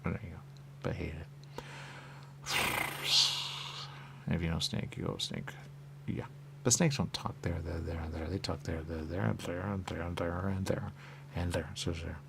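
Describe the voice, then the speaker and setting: At a moderate pace, a radio talk host with a low-pitched, creaky voice and little pitch movement rambles through a stream-of-consciousness monologue. He keeps saying "there you go" and lapses into whispers. Background noise is audible throughout.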